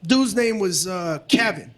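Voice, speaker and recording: A man's voice: sits high, animated, unhurried. A man performing a stand-up comedy set, ranting and swearing in a brash, profane way. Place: comedy stage with live audience. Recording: live audience noise.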